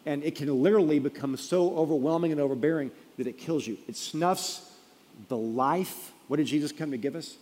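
A man preaching a sermon, telling a story and then pressing the point, rising to emphatic peaks and dropping quiet. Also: on the high side, a little fast. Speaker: pastor. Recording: long reverb of a large hall.

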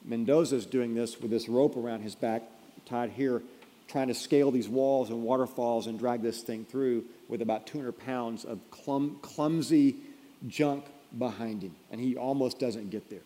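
A man preaching a sermon in a mellow, dark voice, building to loud emphatic peaks before falling to a hush. His voice rings out through a large hall with a long reverb tail. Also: mid-range voice, steady tone, moderate pace. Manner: storytelling, building to emphatic peaks then dropping quiet. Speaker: pastor.

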